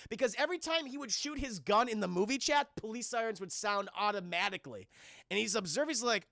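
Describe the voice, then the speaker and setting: A man talks straight to his stream chat, retelling a movie with animated, rambling energy and plenty of swearing. his voice is bright with a gravelly fry, and the sound is close and dry. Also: high voice, quick pace, no room sound. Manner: animated, profane, rambling storytelling. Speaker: film reviewer streaming to chat. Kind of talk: casual livestream film recap.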